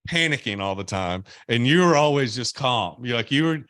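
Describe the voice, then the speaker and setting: A young man hosting a podcast, telling animated stories with swearing and laughter. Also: mid-range voice, normal speed, dry recording. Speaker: podcast host, former player. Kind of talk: casual podcast chat.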